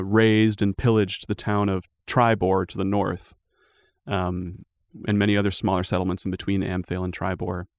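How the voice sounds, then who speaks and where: Gravelly, low-voiced man as game master. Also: no echo. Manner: relaxed, loose, full of fillers. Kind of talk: narrating a tabletop game.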